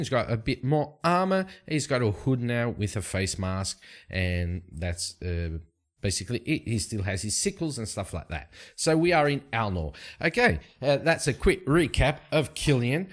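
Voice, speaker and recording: A man's voice: mid-range voice, animated, moderate pace. A man narrating a solo tabletop game in a casual, rambling way, with frequent fillers.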